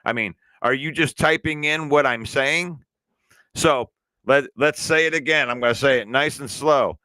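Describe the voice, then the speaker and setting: A man's voice: mid-range voice, moderate pace, bright, forceful tone, no echo. Argumentative man hosting a sports talk show. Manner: argumentative, answers chat comments directly. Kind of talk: casual sports talk commentary.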